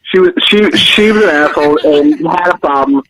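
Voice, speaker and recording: Animated man telling a story. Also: a little high, normal speed, a crowd in the background, poor audio. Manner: animated, repeats words, quotes others. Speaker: podcast co-host. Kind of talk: casual storytelling.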